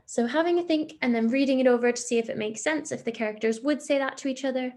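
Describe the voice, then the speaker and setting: A woman's voice: high-pitched, fast, hardly any pauses, darkish tone. A woman, a primary school teacher giving a recorded online lesson to young children, patient and encouraging as she explains step by step.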